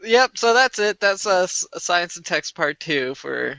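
A man's voice: sits high, sing-song, unhurried, gravelly, sharp tone, clear, resonant tone, no room sound, poor audio. A man co-hosting a podcast in casual chat, making dry, joking comebacks. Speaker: podcast co-host.

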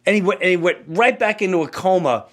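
A man hosting a podcast, telling a story in a casual, animated way and acting out the voices in it. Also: high-pitched, quick pace. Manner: animated, acts out quoted voices. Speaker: podcast host.

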